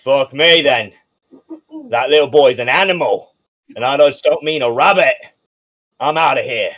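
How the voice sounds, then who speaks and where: A man voicing a grumpy, profane noble gambler who shouts and curses. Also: mid-range voice, moderate pace, close to an everyday voice. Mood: exasperated. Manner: shouting, cursing.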